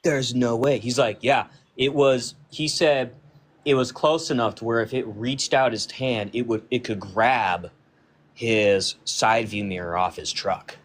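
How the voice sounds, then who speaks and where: Speaking a little slowly in a mid-range voice, a man on a podcast tells a friend's story in a relaxed, offhand way. He acts out the exchange and leans heavily on "like" as a filler throughout the casual tale.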